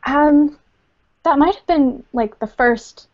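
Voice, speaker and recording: Speaking slowly in a high voice through a computer mic, a game studio's community manager, a woman, talks casually in an interview. The sound is lo-fi, and her speech is full of fillers and frequent laughter.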